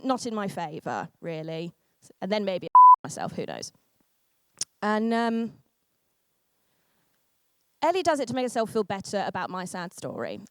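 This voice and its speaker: A young woman doing a stand-up comedy set, sardonic and self-deprecating, with quick asides to the audience. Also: a little high, sharp tone, no room sound.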